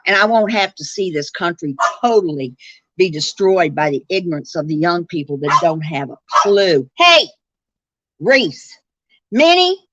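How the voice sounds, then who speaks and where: A woman in her seventies delivers a blunt, heated, profane monologue to her livestream viewers. Her voice sits low for a woman. The audio is dry and a little muffled, like a home webcam or phone mic. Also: normal speed, fairly bright tone, no echo. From upstate New York. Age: 70s. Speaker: livestream host.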